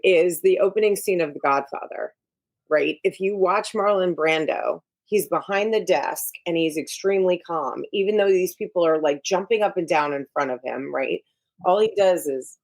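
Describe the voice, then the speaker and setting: Her pitch is fairly low and her tone darkish, delivered at normal speed. She's a middle-aged woman working as an executive coach, speaking as a guest in a casual interview and giving advice with frank emphasis.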